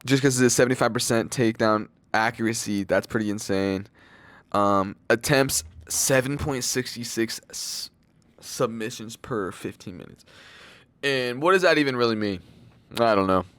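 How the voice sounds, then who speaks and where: A man's voice: mid-range voice, moderate pace, a bit bright, no echo. Young man rambling casual fight picks. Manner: loose and slangy, full of fillers and swearing. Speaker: MMA fight predictions channel host.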